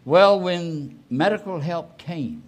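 A man in his eighties, a pastor telling a personal story in a sermon, rising suddenly and trailing off softly. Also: on the high side, animated. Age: 80s. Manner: slow, with sudden rises and soft trailing endings.

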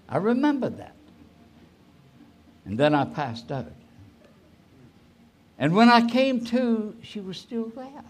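Old guy pastor in his 80s preaching, slow, voice swings up and down a lot. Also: high voice, big pitch swings. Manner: slow, with sudden rises and soft trailing endings. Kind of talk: sermon storytelling.

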